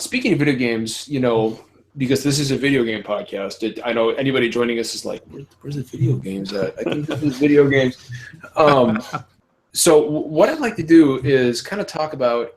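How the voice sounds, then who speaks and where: A man's voice: medium pitch, rough recording. A man in his thirties hosting a podcast, talking candidly with frequent swearing and laughter. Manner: candid, profane, laughs often. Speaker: podcast host. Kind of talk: casual podcast conversation.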